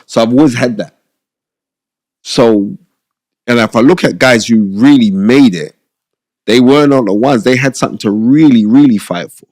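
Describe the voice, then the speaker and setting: A middle-aged man, a podcast guest, telling stories in an animated, rambling, streetwise way with a lot of repetition. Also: medium pitch, normal speed, long pauses, no room sound, studio quality. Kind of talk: casual storytelling interview. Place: podcast studio.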